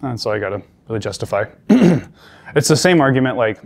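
A man's voice: mid-range voice, animated, fairly quick, creaky. A male paramedic instructor giving a classroom lecture, talking conversationally and repeating the key points with emphasis.

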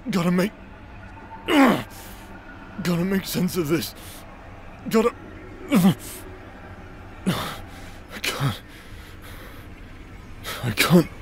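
A man voicing a tormented young man possessed by a sword, speaking in halting, broken-up bursts in an audio drama role-play with music behind. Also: high-pitched, big pitch swings, slight background noise, exaggerated voice. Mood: anguished. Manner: haunted, halting, broken-up speech.

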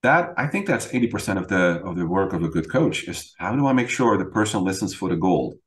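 A middle-aged man, a guest coach on a podcast, talking in a lively storytelling way and often checking in with "right?". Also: deep voice, a little fast, roomy sound. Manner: animated storyteller, acts out quoted dialogue, frequent "right?". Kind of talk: conversational interview.

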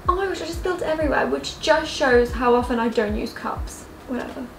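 A woman's voice: sits high, lively intonation, fairly quick, a little hiss or hum. A young woman vlogging in her home kitchen, chatty and self-mocking, often laughing and talking to her cat. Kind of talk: casual kitchen vlog chat. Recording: echoey kitchen, lofi music underneath.

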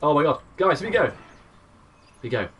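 A man in his twenties streaming a game live, excitable and chatty, greeting viewers by name. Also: fairly high pitch, brisk, far from the mic, slight background noise. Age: 20s. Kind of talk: live gaming stream commentary.

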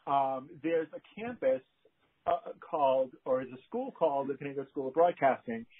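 A man with a New England accent, a theater director chatting casually as a guest, often restarting his sentences. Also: mid-range voice. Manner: halting, many restarts and fillers. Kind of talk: casual conversation. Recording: phone-like line.

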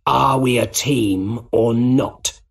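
A proud and menacing male villain speaks slowly and with weight, read by a man. The voice is husky, set in a simple storybook telling. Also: medium pitch, steady tone, exaggerated voice. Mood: sly.

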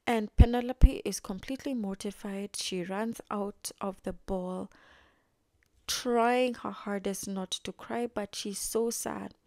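A woman's voice: medium pitch, steady tone, takes it slowly, vocal fry, a little mellow, no echo, clean studio sound. A young woman casually recapping a TV episode, chatty, often acting out the characters' lines. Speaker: video reviewer.

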